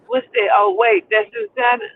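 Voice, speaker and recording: A woman co-hosting a casual panel chat, animated, slangy and blunt. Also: a little high, moderate pace, narrow, tinny audio. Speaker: panel co-host.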